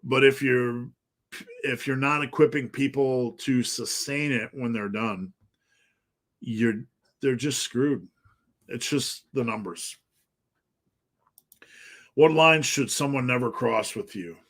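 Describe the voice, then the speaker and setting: A man's voice: medium pitch, slow pace, pauses often, a bit bright. A man, a fitness coach answering live viewer questions, talking bluntly and profanely in an emphatic rant.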